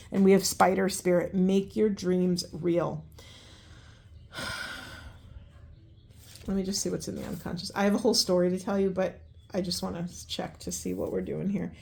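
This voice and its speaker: Brief: woman, spiritual card reader, outdoors by the ocean, affirming, rambling delivery, middle pitch. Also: a little mellow. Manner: earnest, affirming, rambling with restarts.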